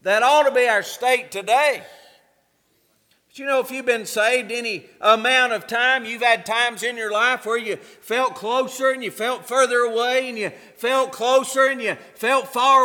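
A man's voice: very high-pitched, pushed and bright, big-room sound. A man preaching a sermon as pastor, fervent and repeating his phrases for emphasis.

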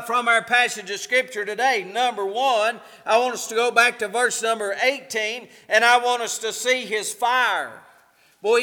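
High-voiced man preaching in an echoey hall. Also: sharp tone. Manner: preaching with repeated phrases and fervent emphasis. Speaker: pastor. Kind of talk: sermon.

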